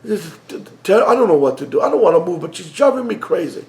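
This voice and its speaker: A man's voice: high voice, very animated, quick pace, darkish tone, echoey room. A man doing a frantic, stammering husband. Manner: flustered, stammering. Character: fed-up middle-aged husband, frantic.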